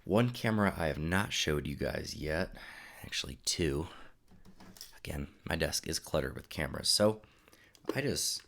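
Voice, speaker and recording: Very deep gravelly young man streaming. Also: a little slow. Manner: relaxed, rambling, reads chat aloud. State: congested, sniffling. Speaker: photography live streamer. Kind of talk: casual live stream chat. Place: home desk room.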